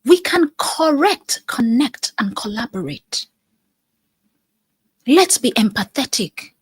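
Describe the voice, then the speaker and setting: A Nigerian woman hosting a live stream as a life coach earnestly addresses viewer comments, repeating phrases for emphasis. Her medium-pitched voice has a breathy edge, with no echo.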